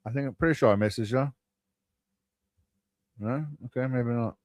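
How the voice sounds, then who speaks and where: A man's voice: mid-range voice, normal speed, darkish tone, no room sound. A man hosting a live stream, chatting loosely and rambling to his viewers. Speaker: streamer host. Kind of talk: casual live-stream chat.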